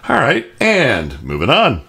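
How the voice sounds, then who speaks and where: Man, livestream host, animated pitch, wry, laughing, casual chat. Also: unhurried, gravelly. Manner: wry, laughing, calls on panelists.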